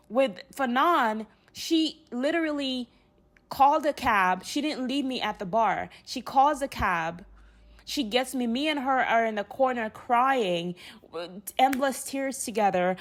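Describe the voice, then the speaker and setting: A woman's voice: on the high side, lively intonation, a little slow. A young woman from Uganda, telling her own story in a rambling, heartfelt monologue full of restarts.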